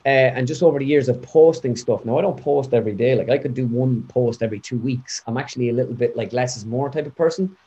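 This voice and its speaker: A man's voice: medium pitch, fast, few pauses, dull audio. A young man with an Irish Midlands accent, a guest impressionist chatting in an interview. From Ireland. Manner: chatty, rambling, animated. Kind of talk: casual interview chat.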